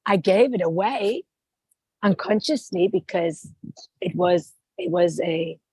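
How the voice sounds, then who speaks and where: Woman, podcast host, slow and unhurried, husky, earnest, dry close sound. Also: fairly low pitch, a little mellow, dry recording, rough recording. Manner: earnest, slow, open about feelings. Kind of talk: reflective conversational sharing.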